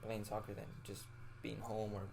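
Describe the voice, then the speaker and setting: A man's voice: on the low side, moderate pace, gravelly, slight background noise. A young man co-hosting a casual chat with friends, telling stories full of slang and swearing and acting out what people said. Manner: animated storyteller, heavy slang and swearing, acts out quotes. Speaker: podcast co-host.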